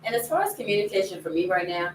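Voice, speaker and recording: A woman's voice: medium pitch, very animated, racing. Woman, thoughtful group talk, distant mic, echoey room. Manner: thoughtful, acts out inner dialogue. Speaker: panel guest. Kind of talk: casual group discussion. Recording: roomy, distant mic with faint noise.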